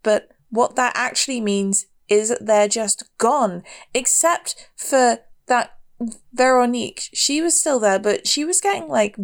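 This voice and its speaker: A woman's voice: on the high side, measured pace. A woman from Britain playing a tabletop game, chatty and prone to laughter. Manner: chatty, giggly. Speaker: player.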